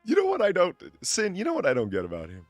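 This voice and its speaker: Animated joking podcast host, man. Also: high voice, fast talker, no echo, soft background music. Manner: jokey, laughs at his own jokes. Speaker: podcast host reading donations. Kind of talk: casual chat.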